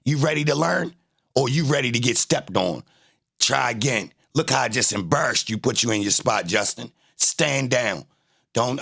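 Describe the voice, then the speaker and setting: Man, livestreamer, gravelly, husky, confrontational, repeats his taunts at chat. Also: medium pitch, fairly bright tone. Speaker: livestreamer reacting to trial footage. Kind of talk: casual live-stream commentary, arguing with chat.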